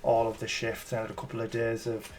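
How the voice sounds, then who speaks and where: A chatty man hosts a relaxed chat at an ordinary, mid-range pitch. He rambles and restarts his sentences, keeping a joking, self-deprecating tone. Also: fairly quick, a little hiss or hum. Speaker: channel host. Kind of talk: casual chat.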